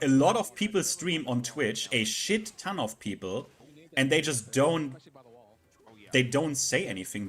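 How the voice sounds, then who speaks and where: Male streamer, casual live chat; halting delivery full of fillers and restarts. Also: mid-range voice. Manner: halting, repeats words, many fillers.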